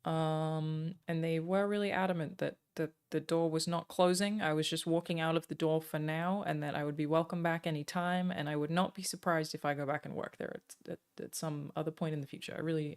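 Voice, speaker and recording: In a low, steady and clean voice, an Australian woman talks casually to the people watching her stream. She often pauses with "um" and stops between stretches of chat to thank viewers by name.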